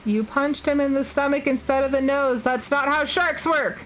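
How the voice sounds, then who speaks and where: A woman's voice: high voice, moderate pace, a little hiss or hum. A woman streamer giving casual game commentary, chatty and openly emotional, with fillers. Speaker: livestreamer.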